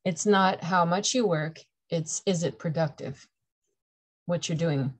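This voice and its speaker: A woman's voice: lowish voice, a little slow, breathy edge. A middle-aged woman from Canada giving a chatty, playful tarot reading to camera, laughing often between her points. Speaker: tarot reader.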